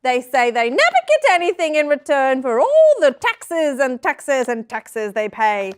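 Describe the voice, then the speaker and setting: A woman voicing an odd, pious female noble envoy in improvised tabletop role-play, making slow, solemn pronouncements. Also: sits high, huge pitch swings, clear, resonant tone, heavily acted.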